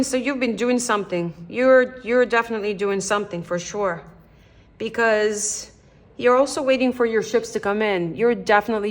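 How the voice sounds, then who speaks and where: Chatty Canadian woman reading tarot. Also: mid-range voice. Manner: meandering, thinks aloud, restarts often; gentle and encouraging, speaks straight to the viewer. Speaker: tarot reader. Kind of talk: casual tarot reading monologue.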